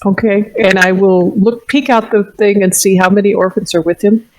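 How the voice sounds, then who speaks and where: A woman playing a tabletop game, calmly describing her character's actions step by step. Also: mid-range voice, moderate pace, rough recording. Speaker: player.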